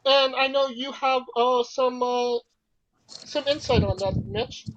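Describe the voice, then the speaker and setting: A woman's voice: high voice, slow, lo-fi sound, slight background noise. A woman co-hosting a casual podcast, asking questions and pushing back on her co-host. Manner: questioning, pushes back in debate.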